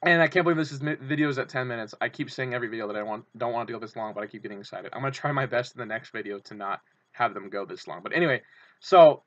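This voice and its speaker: A man vlogging, telling a long story in a casual, excitable way, full of fillers and restarts, getting loud when thrilled. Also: medium pitch, fast talker, dry recording, dull audio.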